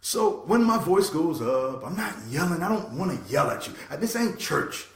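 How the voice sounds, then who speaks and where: A man hosting a passionate motivational talk, preaching with sudden swings from loud to soft. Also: a little high, big pitch swings, moderate pace, roomy sound. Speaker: host. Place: room.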